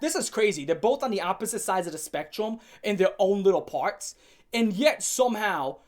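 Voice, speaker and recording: A woman hosting an opinion rant to camera, blunt and profane with a sarcastic edge, pushing her points with sharp jumps in pitch and loudness. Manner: emphatic, swings up and down in pitch and loudness. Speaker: commentary channel host.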